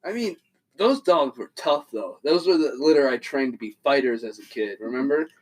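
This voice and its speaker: A man's voice: mid-range voice, animated, moderate pace, poor audio. A man co-hosting a podcast, telling a funny story in casual chat, laughing often and swearing. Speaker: podcast co-host.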